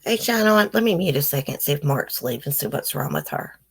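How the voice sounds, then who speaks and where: A low-pitched woman with a drawl talks on a home livestream, reading news items and breaking off into blunt, opinionated asides to her viewers. She speaks casually, with a swollen face from a toothache. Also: lively intonation, fairly quick, creaky, husky. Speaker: livestream host.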